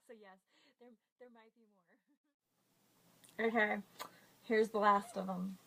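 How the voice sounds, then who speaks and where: A woman's voice: mid-range voice, fairly even intonation, very slow, gravelly, pauses often, a bit bright, low-quality recording. A woman vlogger reading a list of words aloud in a casual, giggly, self-conscious way.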